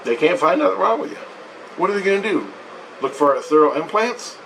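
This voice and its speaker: A man's voice: sits high, animated, fairly quick, fairly bright tone, recorded from a distance, poor audio. A man rambles through a harrowing personal story, swearing freely and circling back on his words. He sits somewhat back from the mic, and a faint hum of ambient noise runs underneath. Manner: profane, emotional, rambling with restarts. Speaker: vlogger recounting a spiritual experience. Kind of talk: casual storytelling to viewers.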